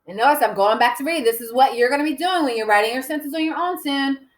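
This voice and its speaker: A woman teaching an early-grade writing lesson, sounding out words letter by letter in a sing-song way, with sudden excited calls and soft near-whispers on quiet sounds. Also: high voice, quick pace.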